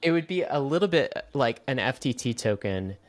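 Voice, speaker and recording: A man co-hosting a casual podcast chat, joking and animated, talking in quick bursts with frequent restarts. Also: medium pitch, dry recording. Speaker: podcast co-host.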